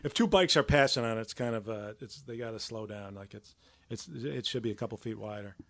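Man, podcast guest, fast talker, repeats words, casual, dry sound. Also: lowish voice, vocal fry, no echo. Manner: rambling, repeats words, laughs easily. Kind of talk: casual chat.

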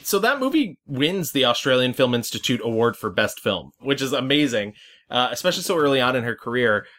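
A man's voice: mid-range voice, sing-song, brisk, pushed and bright. A man chatting casually on a film podcast, walking through an actor's career year by year. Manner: chatty, recounting career facts. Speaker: podcast co-host.

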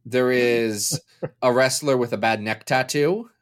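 A man who grew up in Kentucky co-hosts a casual podcast chat. His voice sits at a middling pitch. He jokes freely and slides into long, lecturing explanations. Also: a little slow. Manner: joking, prone to long explanatory tangents. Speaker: podcast co-host.

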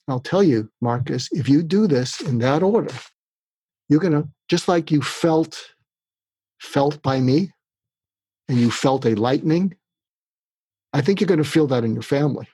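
A husky older man talks in a lively, animated way, acting out bits of dialogue as he coaches. The recording is dry and close, with no room sound around him. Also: on the high side, moderate pace, no room sound. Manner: lively, acts out quoted family dialogue. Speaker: podcast guest. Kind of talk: animated advice giving.

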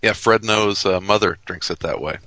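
A man hosts a casual podcast chat in a low, bright, forceful voice. He rambles easily, full of fillers and restarts. The sound is close and dry. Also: moderate pace, no room sound, poor audio. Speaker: podcast host.

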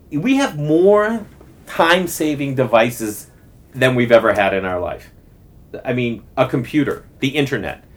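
A man in his thirties hosting a podcast, telling a long casual story, rambling and animated with lots of fillers and restarts. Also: mid-range voice. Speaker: podcast host.

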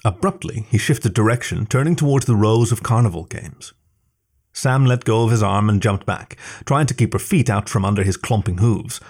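Man with a low voice reading a story. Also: moderate pace, darkish tone, slightly rough. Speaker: story reader. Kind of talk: scripted narration.

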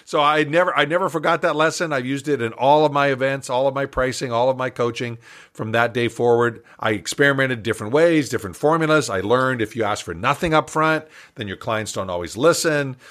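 Older man, bright forceful voice, animated storyteller, podcast guest, chuckles. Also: medium pitch, brisk. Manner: animated storyteller who acts out dialogue, chuckling. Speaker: guest entrepreneur and business coach.

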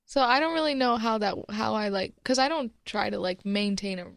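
A young woman co-hosting a podcast in casual chat, teasing and giggly in a relaxed way. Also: medium pitch, fairly quick, vocal fry, no room sound, clean studio sound. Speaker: podcast co-host.

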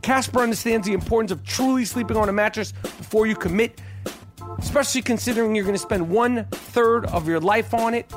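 A man hosting a sports podcast talks fairly quickly in a high voice over music, moving between sports chat and an ad read. He comes across brash and profane, rambling along and repeatedly asking "okay?".

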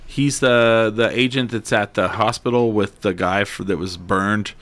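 Bright-voiced man telling a rambling story. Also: on the low side, a little slow. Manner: animated, swears a lot, chatty asides. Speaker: podcast co-host telling a story. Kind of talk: casual storytelling chat. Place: studio.

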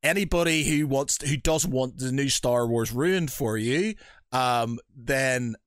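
A man co-hosting a podcast, mid-pitched and lively, who throws himself into anecdotes and acts out everyone's lines. The sound is dry, recorded close with no room around him. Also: measured pace, no echo. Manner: animated storyteller, swears, acts out quotes. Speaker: podcast co-host. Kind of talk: casual podcast chat.

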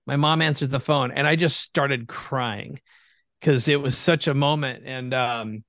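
A man from Minnesota telling his story as a guest entrepreneur in an earnest, animated way. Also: medium pitch, unhurried, no echo, studio quality. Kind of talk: conversational storytelling.

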